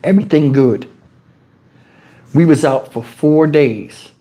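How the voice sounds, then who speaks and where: Animated storytelling man from New Jersey. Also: slow. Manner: animated, swings into high excited tones and shouts when retelling; crude street slang. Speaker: storyteller on his livestream. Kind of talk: casual storytelling. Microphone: wireless lapel mic.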